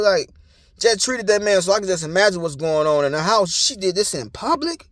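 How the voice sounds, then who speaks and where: A man's voice: high-pitched, expressive, fairly quick, no room sound, clean studio sound. A young man, talking in a blunt, profane, preachy casual monologue. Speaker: commentator.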